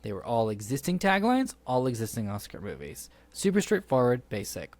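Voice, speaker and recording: A man hosting a casual podcast, playful and quick-witted, hyping up a game like a game-show host. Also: medium pitch, huge pitch swings, darkish tone.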